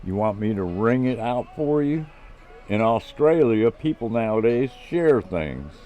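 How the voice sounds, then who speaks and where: A man's voice: medium pitch, very animated, a little slow, mellow, pitched above the performer's own voice. A man reading the lines of an eager adult male inventor friend who uses Aussie slang and explains technical plans at length. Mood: earnest.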